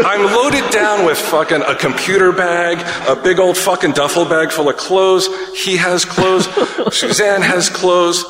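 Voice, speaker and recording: This co-host's voice sits high with a fairly bright tone, and he speaks a little slowly with hardly any pauses; there's slight hiss or hum. In an echoey room with long reverb, he rambles through a long, profane podcast story, laughing throughout.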